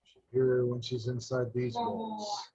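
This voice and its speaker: A man voicing a solemn artificial construct in a tabletop game, speaking slowly and gravely. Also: mid-range voice, sing-song, warm tone, no echo, lo-fi sound. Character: solemn artificial construct companion, male-sounding.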